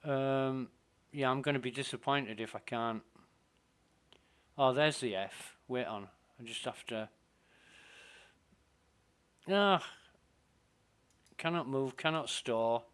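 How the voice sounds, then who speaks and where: A man's voice: mid-range voice, a bit bright, smooth. A man giving casual, self-mumbling commentary while playing a space game. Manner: slow, muttering to himself, self-deprecating.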